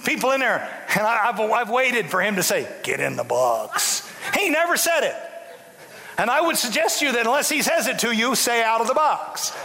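High, bright-voiced preacher man. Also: lively intonation, fairly quick, long reverb tail. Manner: folksy, humorous, emphatic preaching with repeated refrains. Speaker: bishop preaching. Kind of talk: sermon. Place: church sanctuary.

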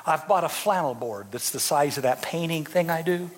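A man's voice: a little high, moderate pace, big-room sound. A man, a bishop, preaching a sermon in a folksy, dramatic storytelling way with joking asides to his congregation.

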